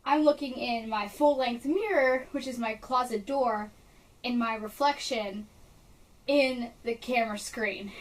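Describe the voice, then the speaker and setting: Young woman vlogging in her bedroom, kinda high bubbly voice, gushes a lot, sounds a bit far from the mic. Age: young adult. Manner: bubbly, excited, gushing. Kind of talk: casual chat to camera.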